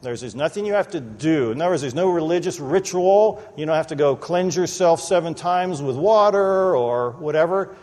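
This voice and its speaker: A man preaching an expository sermon in a church, animated and conversational, often acting out the people he quotes. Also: on the high side, normal speed, few pauses. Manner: animated, acts out quoted voices, conversational asides. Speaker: pastor. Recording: long reverb of a large hall.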